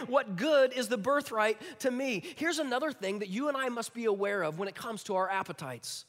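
A man preaching a sermon with animated delivery, sometimes dropping to a hushed near-whisper for emphasis. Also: high voice. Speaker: pastor. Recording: long hall reverb.

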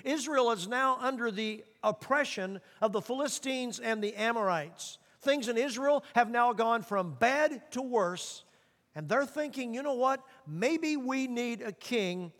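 A man preaching a sermon as pastor, earnest, slowing down to read scripture and repeating words for emphasis. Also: very high-pitched, a bit bright. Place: church sanctuary. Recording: long reverb of a church hall.

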